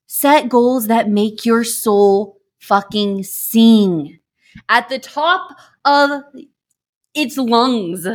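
Gushing, fired-up woman podcast host. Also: high-pitched. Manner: gushing, emphatic, swears for emphasis. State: emotional, near tears. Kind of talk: motivational podcast monologue.

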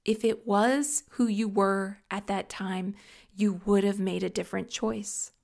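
A middle-aged woman hosting a reflective solo talk, earnest and gently confiding as she shares personal thoughts. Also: medium pitch, steady tone, unhurried, vocal fry.

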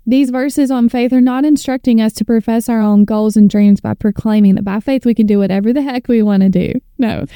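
A woman's voice: medium pitch, dark tone, clear, resonant tone, no room sound. A woman in her thirties hosting a faith podcast, reading scripture and speaking with earnest, preacher-like fervor into a close mic. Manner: fervent, earnest, preacher-like build-ups. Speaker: podcast host and author.

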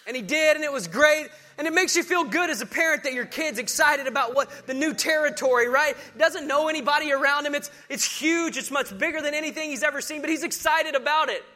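High, bright pastor preaching. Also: male voice. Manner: animated, swings from hushed to rousing. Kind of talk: sermon storytelling.

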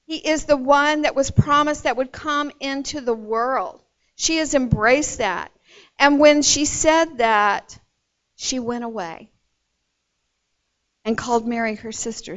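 A woman retelling a Bible story in a sermon, expressive and storytelling, with casual asides to her listeners. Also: high voice. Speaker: Bible teacher. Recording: dull lo-fi recording.

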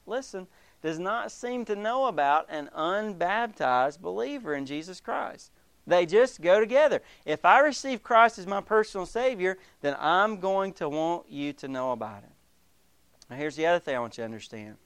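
A man preaching a sermon as pastor, emphatic and animated, acting out the voices of the people he quotes. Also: high-pitched, clear, resonant tone, dry recording.

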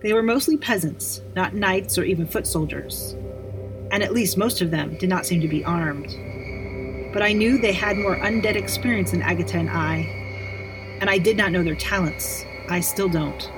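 A woman narrating a dark first-person story in a measured, dramatic reading. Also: on the low side. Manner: measured, slowing on dramatic lines.

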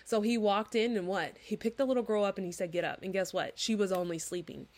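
A woman in her thirties preaching in a casual, chatty way, earnest and animated as she acts out little dialogues. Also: medium pitch, fairly quick. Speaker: Christian podcast host. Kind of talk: informal preaching monologue.

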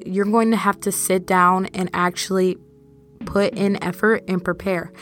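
A young woman hosting her own podcast, talking casually and directly to her listeners in a relaxed, chatty monologue. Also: mid-range voice. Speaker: podcast host.

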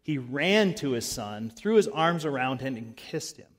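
A pastor preaches a sermon conversationally, acting out voices as he retells scenes. His medium-pitched voice is expressive and measured, with the long reverb of a large hall.

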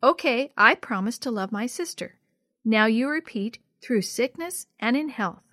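Woman reading as a patient big-sister girl, soft and gentle, fairly high, dry sound. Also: lively intonation, unhurried, no room sound, exaggerated voice. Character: kind, thoughtful older sister girl.

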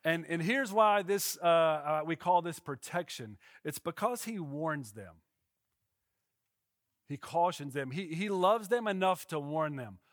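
A man's voice: fairly high pitch, lively intonation, a little slow, no echo, studio quality. A male pastor gives a casual, conversational sermon and often checks in with his listeners.

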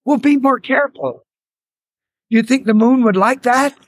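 A man's voice: very high voice, unhurried, voice pushed up. A man voicing a large male elephant king who is humbled and sorry, talking hesitantly with stammering apologies. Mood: worried.

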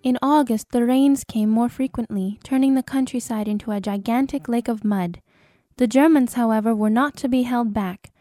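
A woman's voice: fairly high pitch, normal speed, dark tone, dry recording, clean studio sound. A woman narrating a true wartime story as an audiobook in a grave, dramatic storytelling manner, with a cinematic score. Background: cinematic music score.

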